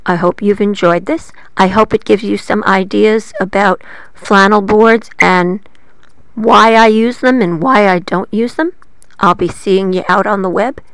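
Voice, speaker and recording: A woman librarian telling a story to children, playful and lively, asking her listeners questions as she goes. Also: mid-range voice, unhurried, clean tone, dry recording.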